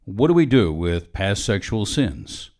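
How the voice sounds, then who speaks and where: A man hosting a Christian talk program, introducing a topic in a measured, serious way. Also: lowish voice, very animated, a little mellow.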